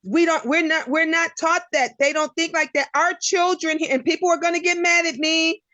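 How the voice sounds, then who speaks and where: A woman's voice: very high-pitched, steady tone, moderate pace, pushed and bright, dry recording. A woman from the United States, a guest in a casual chat, telling stories in a blunt, emphatic way.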